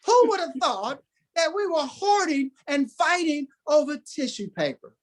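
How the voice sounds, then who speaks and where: A man's voice: very high voice, big pitch swings, unhurried. A man who is a guest on a podcast, giving a motivational talk with emphatic, preacher-like delivery and repeated phrases.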